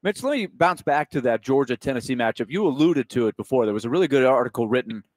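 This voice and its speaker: A man's voice: medium pitch, animated, fast talker. A male sports radio host with a mid-range voice introduces his guest and sets up a question. The sound is dry and close, with no room echo.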